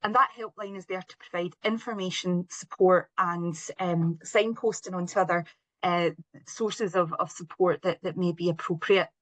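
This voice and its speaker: A woman's voice: on the low side, steady tone, moderate pace, a bit bright, dry recording, rough recording. Glaswegian woman presenting, dry close sound. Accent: Scottish, Glasgow. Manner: earnest, with frequent ums and restarts. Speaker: charity support services head, webinar panellist. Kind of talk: presentation on a webinar.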